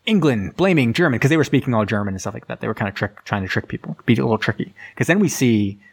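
Man, podcast host, casual movie recap, rambling, mid pitch. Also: lively intonation, fast talker, gravelly, slightly rough. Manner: rambling, filler-heavy storytelling.

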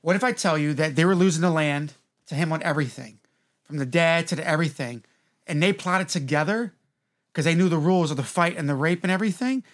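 Fast-talking, high-voiced man. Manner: animated, swearing, talks over others. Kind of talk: casual chat.

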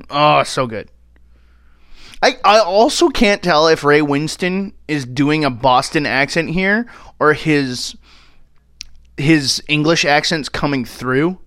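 A man's voice: on the high side, animated, slow, a bit bright, no room sound, studio quality. A man giving a casual movie commentary who chats loosely, laughs often and swears offhandedly. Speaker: podcast host doing a movie commentary track.

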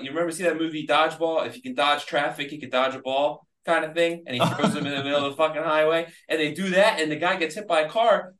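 A man's voice: fairly high pitch, fast talker, hardly any pauses, a bit bright. A man argues his view bluntly on a podcast, swearing and spinning hypotheticals. His voice carries a roomy echo from the space around the mic. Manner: blunt and profane, arguing with hypotheticals. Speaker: podcast co-host. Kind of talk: casual chat, opinionated argument.

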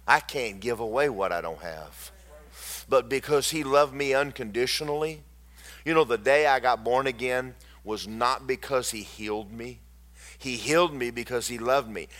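A preacher with a bright, forceful voice delivers an impassioned sermon. He moves between ringing declarations and quiet, confiding storytelling, drawing the congregation in. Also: mid-range voice. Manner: impassioned, swinging from loud declarations to hushed storytelling.

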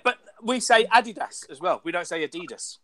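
A young Englishman with a high, bright voice chats casually, full of laughter and self-mockery. The recording is close and dry, with no room around him. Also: fairly quick, dry recording. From England. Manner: animated, laughing, self-mocking about his own common speech. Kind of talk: casual chat.

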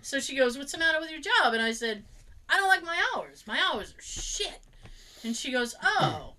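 At a moderate pace and with a voice that sits high, a woman chats casually about work. Her storytelling is animated, with coworkers' lines acted out.

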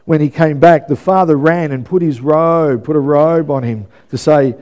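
A man's voice: fairly high pitch, normal speed, a little mellow. A male pastor preaching a sermon in a conversational way, often checking in with "yeah?" and repeating phrases for emphasis.

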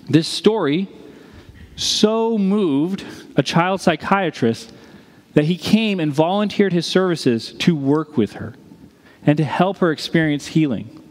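Animated man preaching with dramatic pauses. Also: fairly high pitch, big-room sound. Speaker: pastor. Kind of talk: sermon.

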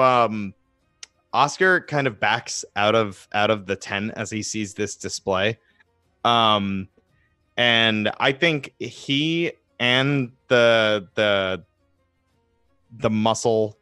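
Male dungeon master, mid pitch, smooth, hesitant. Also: sharp tone, no room sound, studio quality. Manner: hesitant, thinking aloud with many ums. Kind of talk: running a tabletop game.

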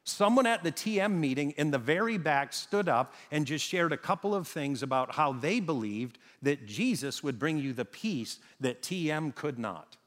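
A man preaching a sermon, telling a story with emphatic, dramatic pauses. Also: fairly high pitch, lively intonation, a bit bright. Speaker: pastor. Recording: reverberant hall sound.

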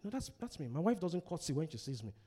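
Husky, animated African preacher man. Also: on the high side, quick pace. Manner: emphatic, repeats key phrases, asks questions for the congregation to answer. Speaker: pastor. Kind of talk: sermon on relationships.

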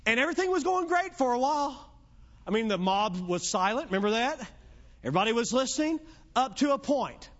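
A man's voice: very high voice, sing-song, a little fast, a bit bright, highs cut off. A man preaching an evening sermon in a conversational, joking storytelling manner.

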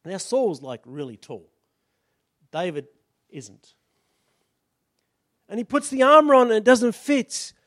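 High-voiced preacher telling a story. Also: male voice, slow pace, long pauses, no echo, studio quality. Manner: animated storytelling, acting out characters. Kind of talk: sermon.

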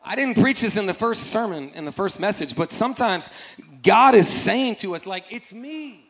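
Male pastor, fairly high voice, lively sermon delivery, acts out scripture characters. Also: moderate pace. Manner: animated, acts out scripture voices, repeats phrases, calls congregation to respond. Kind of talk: energetic sermon.

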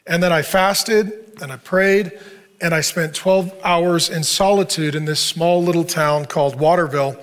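A man's voice: sits high, a little fast. A middle-aged man, a pastor, telling a personal story in an earnest, conversational sermon to a men's group.

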